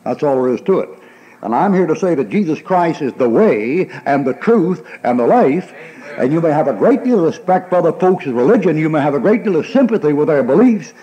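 A man's voice: a little high, sing-song, a little fast, mellow, dull audio. A male pastor, preaching a folksy, emphatic sermon and acting out the people in his stories with laughter.

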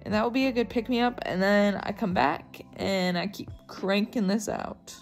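A woman's voice: mid-range voice, normal speed, faint music behind. A college student in her early twenties, vlogging into a phone held at arm's length and venting with lots of swearing. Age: early 20s. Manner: frustrated ranting, swears often. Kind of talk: casual vlog to camera. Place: her car, then her apartment.

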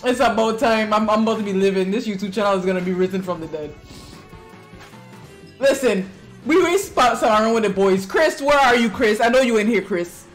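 A streamer giving excitable reaction commentary on a game trailer, swinging between low mutters and shouts and swearing freely. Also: a little fast, faint music behind.

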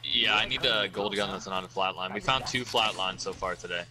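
A man streaming a shooter game, chatting loosely with his teammates and making quick callouts. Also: deep voice. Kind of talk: casual gaming chat with teammates. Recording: noisy with game sounds behind.

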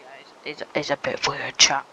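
A young woman chatting casually and playfully while she plays a game, silly and excitable. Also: a bass voice, moderate pace, vocal fry, slight background noise, rough recording. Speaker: gaming streamer.

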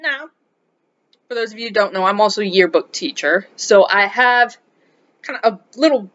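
A woman who teaches high school English, from South America, telling a story in a casual vlog, animated and exasperated, dropping to muttered asides. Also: moderate pace, pauses often. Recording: dull lo-fi recording.

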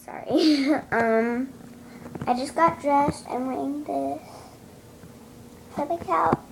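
A woman's voice: high-pitched, slow pace. A woman chatting casually to her camera at home, rambling and hesitant with lots of ums and restarts. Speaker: vlogger. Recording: clear background noise.

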